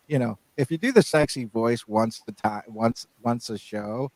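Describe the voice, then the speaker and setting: A man's voice: mid-range voice, normal speed, hardly any pauses, a little mellow, dry recording, poor audio. A man co-hosting a casual podcast, rambling and often restarting his sentences. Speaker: podcast co-host.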